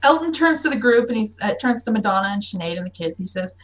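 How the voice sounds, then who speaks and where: A woman narrating as game master of a tabletop game, chatty and quick to laugh. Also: mid-range voice, lively intonation, a bit bright, poor audio.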